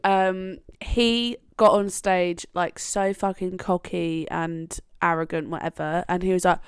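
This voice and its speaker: A woman's voice: lowish voice, steady tone, measured pace, few pauses, clear, resonant tone, no echo, clean studio sound. A young woman co-hosting a podcast in casual, chatty talk, swearing freely and laughing often. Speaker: podcast co-host. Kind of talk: casual chat.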